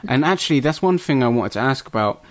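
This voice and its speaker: A man's voice: mid-range voice, lively intonation, fast, no echo. A man hosting a podcast interview who asks questions casually, with some hesitation. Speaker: podcast host.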